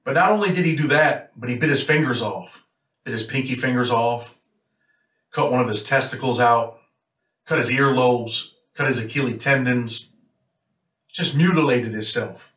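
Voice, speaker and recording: A Rochester, New York man who once served time tells a story casually, bluntly and matter-of-factly. His voice sits at medium pitch with a fairly bright tone, and he speaks at a normal pace. The room echoes, and the mic seems a little distant.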